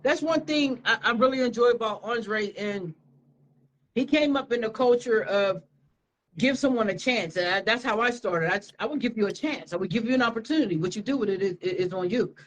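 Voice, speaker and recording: A woman's voice: a little high, fairly quick, rough recording. Woman, interview guest, casual slangy delivery, lots of fillers, light background hiss. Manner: relaxed, slangy, many fillers and restarts. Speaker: interviewee, media studio owner.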